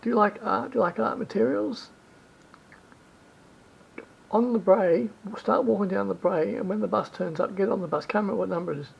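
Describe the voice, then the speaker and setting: A man's voice: brisk, gravelly, long pauses, breathy edge. A man giving rambling travel advice in a vlog, repeating himself and correcting his words as he goes. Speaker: travel vlogger. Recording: dull lo-fi recording with faint rumble.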